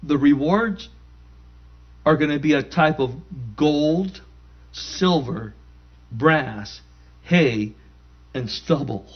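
A fairly high-voiced preacher man. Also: extremely slow, pauses often. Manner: emphatic, call-and-response preaching. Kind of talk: sermon. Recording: dull lo-fi recording.

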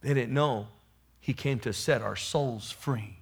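A man preaching a sermon, swelling into loud emphatic peaks and then dropping low, calling out to his congregation for responses. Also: takes it slowly, slightly rough.

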